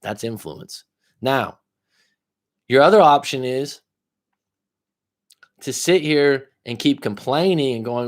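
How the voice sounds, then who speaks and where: A man's voice: medium pitch, lively intonation, measured pace, pauses often. Blunt, profane male life coach. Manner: emphatic, repeats questions to push the listener. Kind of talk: live coaching advice.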